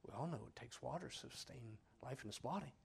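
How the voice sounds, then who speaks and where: A man preaching a sermon, swinging between loud cries and hushed lines and acting out the people in his story. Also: mid-range voice, lively intonation, fast talker, creaky. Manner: acts out voices of the people in the story.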